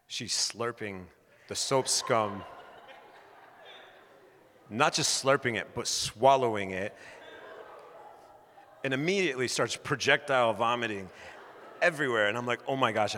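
A man in his thirties preaching a sermon, telling a personal story with lively acted-out quotes. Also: medium pitch, big-room sound. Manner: animated storyteller, acting out quoted voices. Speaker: pastor.

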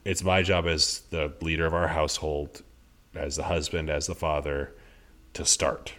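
This is a deep-voiced man in his thirties talking on a podcast. He speaks earnestly and thoughtfully, often circling back and restarting his sentences as he works through an idea. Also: little pitch movement, moderate pace, a bit bright. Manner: earnest, reflective, many restarts. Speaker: podcast co-host. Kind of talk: casual conversation.

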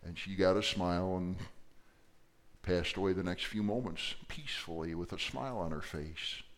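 A middle-aged male pastor preaching a sermon, moving from quiet storytelling to loud, emphatic passages. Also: deep voice, normal speed.

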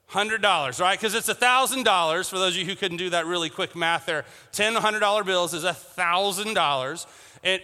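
Male preacher, storytelling sermon, tense bright tone, echoing church hall. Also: high voice. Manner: storytelling with acted-out voices, many restarts. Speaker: pastor. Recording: long reverb of a church hall.

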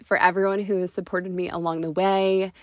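A woman's voice: lowish voice, flat delivery, a little fast, a little mellow, no echo. Emotional young woman podcast host, dry mic. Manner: emotional, gushing, casual swearing. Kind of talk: emotional casual monologue.

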